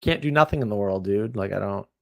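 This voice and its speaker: A man hosting a casual livestream, chatting and reacting to viewer comments in a rambling, opinionated way, often getting louder or dropping suddenly to a mutter. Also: on the low side, expressive, creaky. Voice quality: rambling, opinionated, quick shifts in loudness. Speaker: livestream host.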